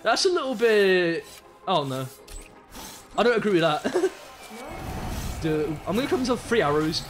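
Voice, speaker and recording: Brief: young Brummie man, game streamer, high bouncy voice, slangy and excitable, hums along often, faint music under him. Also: unhurried, pauses often. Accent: Birmingham English. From Birmingham, England. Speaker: live streamer. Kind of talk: casual gaming stream chat.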